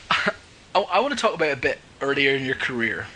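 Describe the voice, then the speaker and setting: A man's voice: mid-range voice, big pitch swings, pushed and bright, a little hiss or hum, rough recording. A man hosting a podcast, asking easygoing questions with some stops and restarts. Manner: easygoing, a bit halting questions. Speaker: podcast host. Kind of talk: casual podcast interview.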